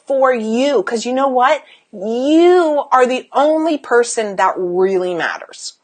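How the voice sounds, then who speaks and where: A woman's voice: on the high side, expressive, a little slow, hardly any pauses, darkish tone. A woman business coach giving a blunt, emphatic motivational talk to camera, swearing freely and firing rhetorical questions at the viewer.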